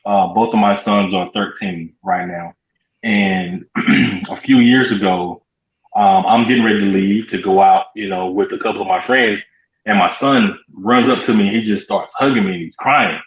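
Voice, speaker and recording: A man with a lowish voice tells a personal story haltingly, stumbling and repeating words. His audio is roomy and echoey with a dull, low-fi tone. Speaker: co-host. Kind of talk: casual chat, personal story.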